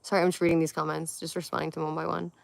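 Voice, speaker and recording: A woman's voice: low-pitched, level tone, racing, gravelly, dry recording. A young woman from Connecticut hosting a casual livestream, chatting playfully and answering comments one by one. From Connecticut, USA. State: tired. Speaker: livestream host.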